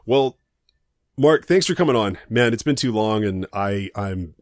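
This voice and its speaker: A man with a low, deep voice chats on a podcast with cheerful profanity and frequent laughter. His voice sounds dry and close to the microphone, with no room around it. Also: expressive, a little slow, no echo. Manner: profane, enthusiastic, laughs often. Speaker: podcast co-host. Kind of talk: casual podcast chat.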